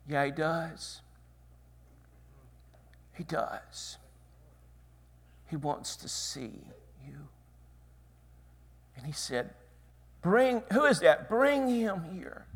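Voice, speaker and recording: Dramatic, slow-paced male preacher. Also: high voice. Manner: dramatic swings from hushed whispers to loud cries. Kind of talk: sermon.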